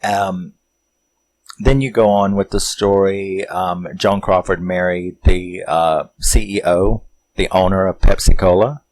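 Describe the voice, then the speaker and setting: A man with a low, deep voice and a drawl talks through a movie he loves. He rambles, retells its scenes with plenty of fillers, and acts out the characters' lines. The tone is a loose, casual film recap. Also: measured pace, rough recording. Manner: rambling, animated retelling with acted-out quotes and chuckles. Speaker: movie review host.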